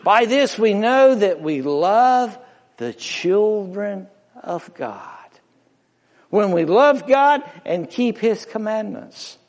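A man preaching a sermon to a congregation in a church, impassioned, swinging from loud emphatic rises to hushed near-whispers. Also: high voice, expressive, takes it slowly. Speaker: pastor. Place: church sanctuary before a congregation. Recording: long reverb of a large hall.

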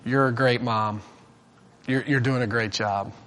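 A man voicing a calm male stranger who speaks bluntly in a low, quiet, matter-of-fact way. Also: moderate pace, big-room sound, lightly acted. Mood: deadpan.

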